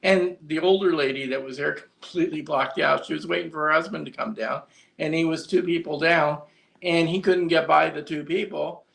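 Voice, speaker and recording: A man's voice: on the high side, fairly quick, creaky, a bit bright. A man co-hosting a casual live-stream chat, telling long rambling stories with fillers and restarts. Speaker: co-host.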